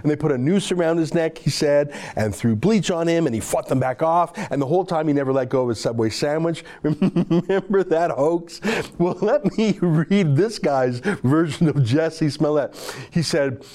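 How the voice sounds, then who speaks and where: A man's voice: a little high, normal speed, mellow. A man delivering a political commentary monologue in a sarcastic, mocking way.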